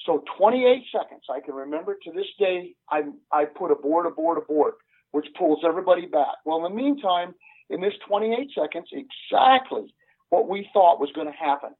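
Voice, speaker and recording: An older man recounts his police days in an earnest, halting way, stopping often on "uh". His voice sits a bit high for a man. He comes through a thin, tinny phone line. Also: animated, husky. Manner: earnest, halting with many "uh" fillers. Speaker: retired police sergeant. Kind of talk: telling a story in an interview.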